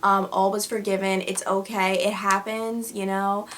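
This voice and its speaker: A woman's voice: mid-range voice, little pitch movement, moderate pace, a bit bright, slight background noise. A young woman telling stories casually to her vlog audience, chatty with lots of fillers. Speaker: vlogger. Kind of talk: casual storytelling.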